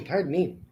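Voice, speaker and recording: An older woman hosts a relaxed livestream from her home. She rambles from one thing to the next, reads viewers' comments aloud and swears casually. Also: deep voice, rough recording. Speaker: livestream host.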